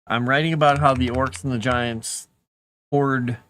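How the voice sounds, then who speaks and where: A middle-aged man chatting casually while writing, often talking softly to his cats. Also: medium pitch, steady tone, unhurried, slight background noise. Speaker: writer streaming his work.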